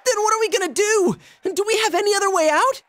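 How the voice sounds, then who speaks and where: A woman's voice: very high-pitched, fast, a faint crowd, a little hiss or hum, pitched above the performer's own voice. A woman voicing a nervous, scheming teenage boy from a video game.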